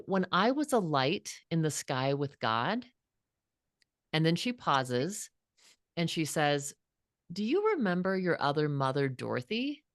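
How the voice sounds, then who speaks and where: This heartfelt personal story comes from a guest author, a woman in her fifties who speaks low-pitched, earnest and reflective, with frequent restarts. The studio recording is clean, with no room sound.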